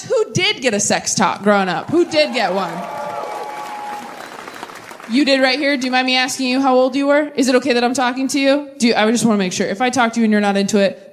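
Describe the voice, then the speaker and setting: A young woman performs stand-up on a theater stage, her voice a touch high and lively. She tosses out self-deprecating asides and chats with the audience. A faint hum of the room sits behind her. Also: fast talker, a faint crowd. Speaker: stand-up comedian. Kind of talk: stand-up set with crowd work.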